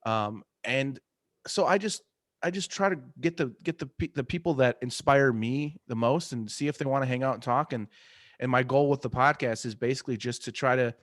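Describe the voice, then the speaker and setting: A man's voice: mid-range voice, no echo, clean studio sound. A man chatting casually as an interview guest, rambling with many fillers and restarts and laughing often. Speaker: artist and podcast host, interview guest.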